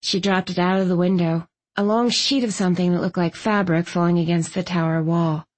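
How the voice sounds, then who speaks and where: A woman reading a first-person novel aloud as an audiobook narrator, brisk and expressive. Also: lowish voice.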